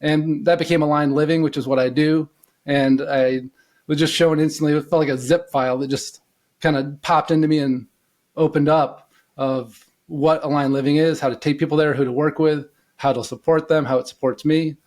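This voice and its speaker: A middle-aged man from the United States, a coach telling his life story as a podcast guest in a relaxed, rambling way, full of "you know" fillers. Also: a little high, normal speed. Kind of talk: casual storytelling in an interview.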